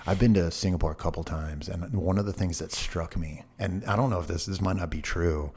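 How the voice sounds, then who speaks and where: A man's voice: low-pitched, steady tone, a little fast, a little mellow, slightly rough. A man hosting a podcast interview, laid-back and filler-heavy, often saying "cool" and "man". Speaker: podcast host.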